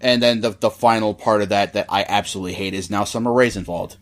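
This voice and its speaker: A man's voice: on the low side, steady tone, fast. A man co-hosting a wrestling podcast in casual chat, enthusiastic and often repeating words as he starts a thought. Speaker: podcast co-host.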